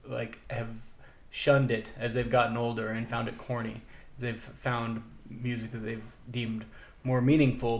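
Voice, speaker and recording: A man co-hosting a podcast, talking casually in a chatty, animated way with lots of "like" asides. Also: medium pitch. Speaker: podcast co-host. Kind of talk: casual chat.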